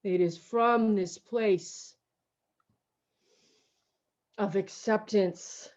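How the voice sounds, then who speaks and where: Slow emotional woman preacher. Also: mid-range voice, darkish tone, muffled recording. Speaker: pastor. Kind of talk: sermon. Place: at home on a video call. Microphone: video call mic.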